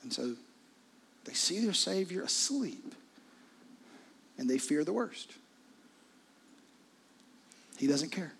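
A man preaching a sermon in a conversational, intimate way, often dropping into hushed asides. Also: high-pitched, very animated, slow pace, creaky, long pauses, slight background noise. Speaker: pastor.

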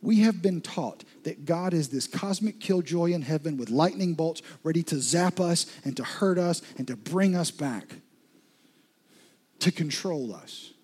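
A man preaching a sermon as a pastor, talking straight to his listeners and swinging from loud questions to hushed whispers. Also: a little high, animated, unhurried, breathy edge. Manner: addresses listeners directly with repeated questions.

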